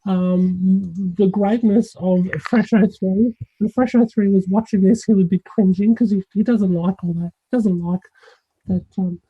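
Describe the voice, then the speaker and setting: A woman's voice: mid-range voice, steady tone, a little slow, breathy edge, muffled recording. An Australian woman guest on a video call, joking and easygoing, with frequent ums. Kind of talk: casual livestream chat.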